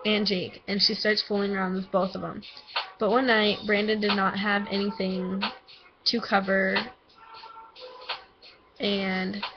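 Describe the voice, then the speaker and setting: A teenage girl gives a book report for school, talking hesitantly with lots of ums and likes. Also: medium pitch. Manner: hesitant, filler-heavy, with many ums and likes. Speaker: student. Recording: dull lo-fi recording with music behind.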